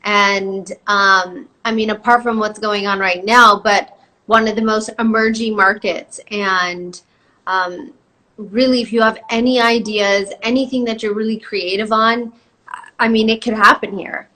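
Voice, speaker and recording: Bright, chatty woman guest. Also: mid-range voice, fairly even intonation, measured pace. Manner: chatty and laughing, playful. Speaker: actress guest. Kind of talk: casual video-call interview.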